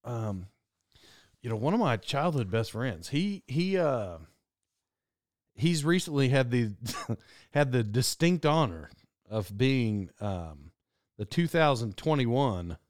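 A man's voice: medium pitch, very animated, takes it slowly, long pauses, a little mellow, dry recording, clean studio sound. Rambling, chuckling podcast host, man. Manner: rambling and self-interrupting, laughs often. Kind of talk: casual monologue.

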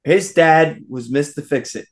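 A man's voice: fairly high pitch, a little slow. A man chatting with old friends, chiming in with wry jokes and questions. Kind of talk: casual chat among old friends.

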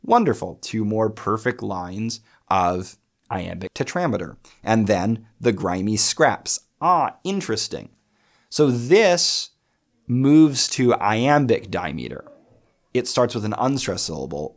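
A man explaining poetic meter with animated enthusiasm, reading lines of verse aloud and breaking them down. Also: lowish voice, a little slow. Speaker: poetry lecturer.

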